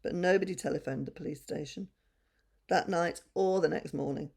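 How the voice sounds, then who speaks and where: A woman reading a children's story aloud, gentle and measured. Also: on the low side, gravelly, breathy edge.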